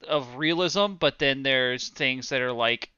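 A man's voice: medium pitch, a little slow, pushed and bright, smooth, no echo, muffled recording. A man co-hosting a podcast, laid-back and thinking aloud as he gives his opinion. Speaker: podcast co-host. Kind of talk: casual chat.

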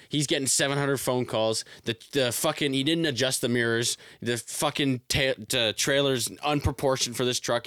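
A man's voice: mid-range voice, sharp tone, no echo, clean studio sound. A young man casually telling a profane story on a podcast and laughing often. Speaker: podcast co-host. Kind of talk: casual chat.

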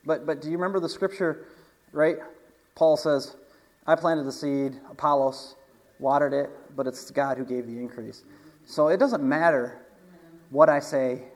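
A man's voice: fairly high pitch, a little slow, rough recording. Chatty, storytelling male preacher. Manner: chatty, laughs often, frequent restarts and asides. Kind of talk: casual storytelling sermon.

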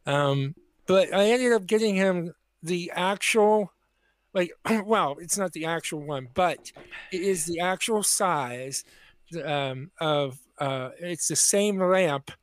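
Guy cohosting a podcast, kinda high voice, lots of uh and um, dry sound. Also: takes it slowly, dry recording. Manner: hesitant, filler-heavy, laid-back. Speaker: podcast co-host. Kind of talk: casual podcast chat.

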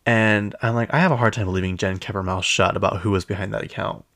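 On his casual podcast, a young host gossips through a reality TV recap, full of fillers and loose chatter. He speaks quickly with a fairly low, steady, slightly bright voice, and there's no echo.

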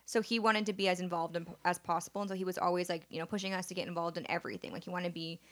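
A woman's voice: on the low side, racing, fairly bright tone. A young woman from the Seattle area, co-hosting a casual chat and telling rambling stories full of "like". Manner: rambling storyteller, lots of likes, laughs through stories.

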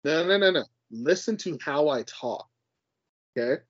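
A man co-hosts a podcast in a loose, emphatic way, with plenty of passion and casual swearing. His voice sits fairly high for a man. The audio is dull and dry, with no room sound. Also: lively intonation, measured pace, a bit bright, no echo. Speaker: podcast co-host.

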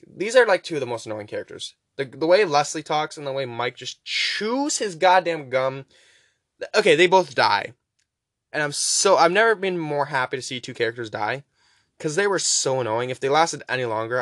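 A young man hosting a podcast, casually rambling through a movie recap with profanity and quick voice impressions. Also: a little high, expressive, a bit bright, dry recording, clean studio sound. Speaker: podcast host.

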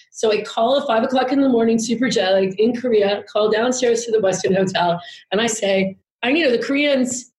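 A woman's voice: a little high, brisk, a little mellow, echoey room, poor audio. A woman guest telling a long personal story in a candid, rambling way, swearing freely. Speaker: podcast guest. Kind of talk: casual storytelling chat.

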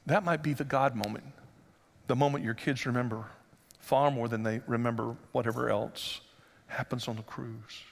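A man preaching a sermon as pastor, conversational and joking, then rising to loud emphatic passages. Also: medium pitch, steady tone, normal speed, gravelly, in a large hall.

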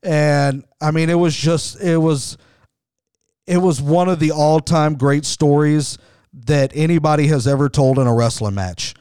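A middle-aged man hosts a wrestling podcast, talking with enthusiasm in a loose, conversational way and often restarting his sentences. His voice is slightly higher than most men's, smooth and clear, and recorded dry and close. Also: fairly even intonation, measured pace, warm tone, no room sound. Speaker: wrestling show host. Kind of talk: podcast commentary.

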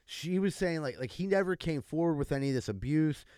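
A man's voice: a little high, animated, fairly quick, a little mellow, clear, resonant tone, no echo, studio quality. A young man chatting casually on a podcast, filling his talk with "like" and restarts. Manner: filler-heavy, says "like" a lot. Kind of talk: casual chat.

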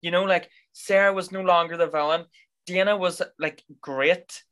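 A man co-hosting a casual film review chat, expressive and sassy with playful swearing. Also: high voice, normal speed, clear, resonant tone. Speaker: podcast co-host.

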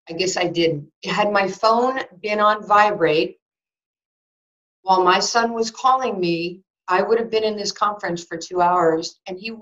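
A woman in her sixties recounts a personal story in an interview, lively and animated. She restarts her sentences often and acts out both sides of each conversation. The recording sounds a little dull and lo-fi. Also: mid-range voice. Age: 60s. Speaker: former basketball player and sports broadcaster. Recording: slightly dull lo-fi audio.

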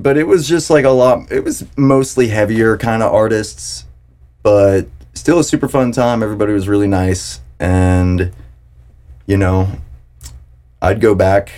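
Laid-back young man with a low, mellow voice. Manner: laid-back, rambling, heavy on "dude" and "like". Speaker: podcast host. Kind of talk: casual chat.

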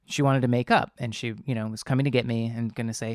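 A man's voice: mid-range voice, fairly even intonation, quick pace, dry recording, studio quality. A young adult man casually telling a personal story, rambling and earnest, with many fillers and restarts.

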